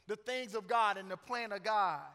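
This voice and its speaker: A man's voice: high-pitched, moderate pace, bright, forceful tone. A middle-aged man preaching a sermon as pastor, joking and conversational between emphatic points. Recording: long church reverb.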